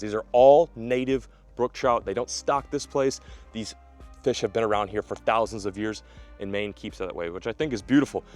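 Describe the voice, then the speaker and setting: A man narrating a fishing vlog to camera outdoors by a remote lake, energetic and jokey. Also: lowish voice. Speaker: fishing vlogger.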